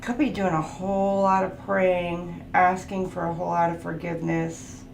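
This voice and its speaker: A woman's voice: lowish voice, flat delivery, normal speed, vocal fry. A woman giving a casual tarot reading, chatting and listing card keywords as she goes. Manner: chatty, laughs often, lists card keywords. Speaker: tarot reader. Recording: roomy with faint background noise.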